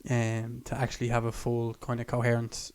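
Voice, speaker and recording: A man's voice: medium pitch, completely flat delivery, moderate pace, a little mellow, clear, resonant tone. A man co-hosting a podcast in casual chat, rambling with lots of fillers. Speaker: podcast co-host.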